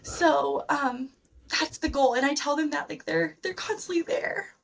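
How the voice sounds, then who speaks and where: Podcast guest, woman therapist, high voice, bubbly and chatty, fills her speech with "like". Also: a little slow, gravelly, distant mic. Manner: enthusiastic, animated, heavy use of "like". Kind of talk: conversational podcast interview.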